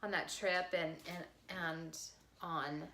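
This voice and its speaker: A woman vlogger telling a personal story to camera in a heartfelt, expressive way. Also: on the low side, slow pace, roomy sound, a little hiss or hum. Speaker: vlogger sharing a life lesson.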